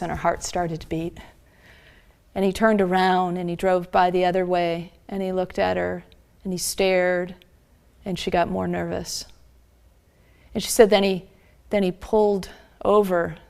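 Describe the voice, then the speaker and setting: A woman minister preaching a sermon, retelling a story earnestly and slowing down for emphasis. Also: medium pitch, a little mellow.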